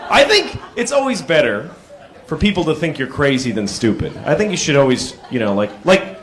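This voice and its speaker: Rambling stand-up comic, lively high voice. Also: male voice, a little fast, a faint crowd. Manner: rambling, profane, bursting into goofy shouted asides. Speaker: stand-up comedian. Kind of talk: stand-up comedy routine. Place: comedy stage before a live audience. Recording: live stage recording with audience laughter.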